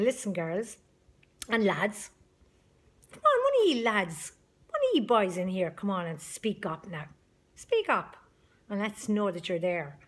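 A middle-aged woman leading a support group, talking in an emphatic, chatty motivational video message. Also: medium pitch.

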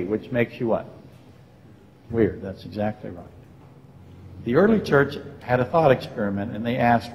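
A man's voice: medium pitch, very animated, normal speed, pauses often, darkish tone, a little hiss or hum. A man giving a Bible lecture to a congregation, firing rhetorical questions at them and dropping dry, facetious asides. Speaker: Bible teacher. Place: church sanctuary. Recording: long reverb of a church hall.

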